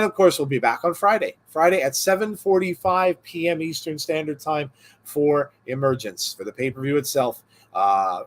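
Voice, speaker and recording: A man's voice: fairly high pitch, fairly bright tone. A middle-aged man hosting a podcast, chatting casually and rambling through a long joke with lots of fillers. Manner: rambling storyteller, many fillers. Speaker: podcast host. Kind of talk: casual chat.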